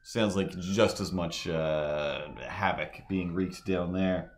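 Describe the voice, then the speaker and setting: A man's voice: low-pitched, fairly even intonation, slow pace, a little hiss or hum. A man chatting loosely on a live stream, telling rambling stories full of fillers and restarts. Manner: meandering, filler-heavy storytelling.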